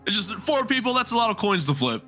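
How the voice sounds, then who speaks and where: A man's voice: sits high, sing-song, fast talker, sharp tone, faint music behind. A man playing a tabletop game, joking and speaking in character. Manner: joking, playful. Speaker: player. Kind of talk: casual chat, in-character role-play.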